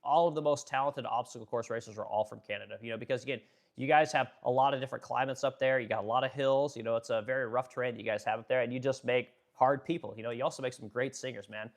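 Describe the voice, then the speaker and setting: Young adult male streamer from the Pacific Northwest; rapid, blunt, profane, rambling chat delivery at a mid pitch. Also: fairly even intonation. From Pacific Northwest, Oregon. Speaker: livestream host reading chat. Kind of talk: casual livestream chat.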